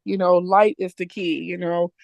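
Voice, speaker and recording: A woman's voice: fairly low pitch, little pitch movement, normal speed, gravelly, darkish tone, no room sound, dull audio. A woman from New Orleans, a podcast guest who advocates for musicians, talking in an upbeat, earnest way with many "you know"s. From New Orleans, USA. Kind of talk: casual podcast chat.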